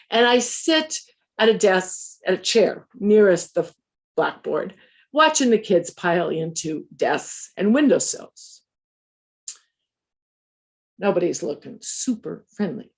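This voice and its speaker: A woman, once a teacher, telling a personal story in a conversational, measured way with dry humor. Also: lowish voice, animated.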